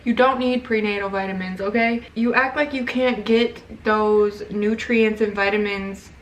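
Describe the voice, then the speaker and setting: A woman's voice: mid-range voice, steady tone, measured pace, recorded from a distance, rough recording. A young woman, pregnant, talking casually through a makeup tutorial and a rant, blunt and profane. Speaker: beauty vlogger.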